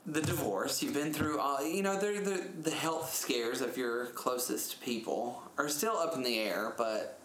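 A man in his thirties telling a story in a casual chat, animated and laughing often, his pitch jumping up when he retells things. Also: measured pace, few pauses. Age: 30s. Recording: echoey room with faint noise.

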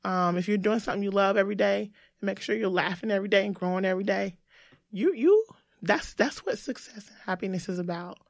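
A woman's voice: mid-range voice, quick pace, creaky, dry recording, clean studio sound. A woman guest from the United States, talking in a casual interview in an earnest, reflective way.

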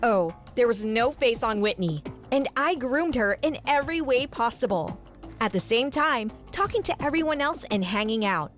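A woman's voice: on the high side, lively intonation, normal speed, faint music behind. A woman telling a first-person story for a podcast in a dramatic, resentful manner.

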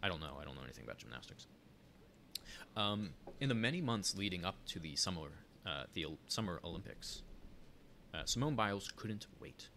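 A man's voice: sits low, sing-song, brisk, vocal fry, bright, forceful tone, a little hiss or hum. A man co-hosting a casual podcast chat, giving opinions freely and reading a news article aloud. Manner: chatty, opinionated, many fillers and restarts. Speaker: podcast co-host.

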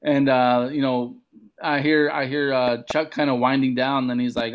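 A man from a Montana reservation telling a casual story as a comedian guest, acting out other people's lines with big jumps in pitch. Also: normal speed. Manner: animated, acts out quoted voices with big pitch jumps.

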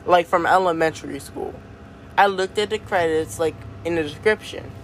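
A young woman hosting her own podcast, chatting casually in a slangy, animated way and laughing often. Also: on the low side, moderate pace, slight background noise. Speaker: podcast host. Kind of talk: casual solo podcast chat.

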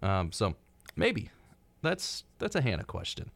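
A man's voice: fairly low pitch, a little slow, vocal fry, no echo. A young man co-hosting a college radio show, chatting casually with plenty of fillers. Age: young adult. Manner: relaxed, lively, chatty with fillers. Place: radio studio. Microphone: studio microphone.

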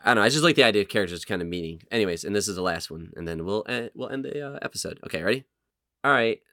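A man's voice: racing, no echo, studio quality. A man hosting a podcast, chatting casually and reading movie quotes aloud. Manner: animated when reading quotes, low-key otherwise. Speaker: podcast host.

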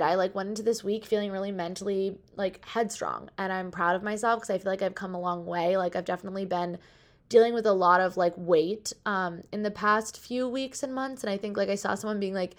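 A woman in her twenties opens her podcast in a candid, chatty way. She fills her talk with "like" and casual swearing, and her voice sits at a middle pitch. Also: fairly even intonation, a little fast. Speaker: podcast host. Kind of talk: casual chat.

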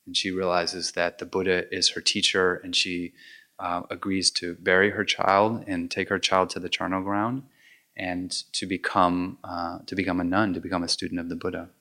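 Meditation teacher, male, low voice but forceful tone, reflective storyteller. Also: level tone, moderate pace. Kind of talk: dharma talk.

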